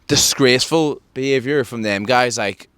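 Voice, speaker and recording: A man from Ireland hosting a podcast, telling a story in casual chat and acting out quotes with big jumps in pitch. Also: normal speed, fairly bright tone, clear, resonant tone, no room sound. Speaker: podcast host.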